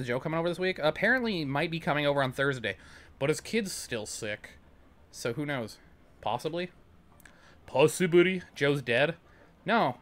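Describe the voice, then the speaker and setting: A man's voice: mid-range voice, pushed and bright. A tired man streaming a game at home, joking, swearing a lot and reading chat messages aloud. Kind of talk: casual let's-play chat.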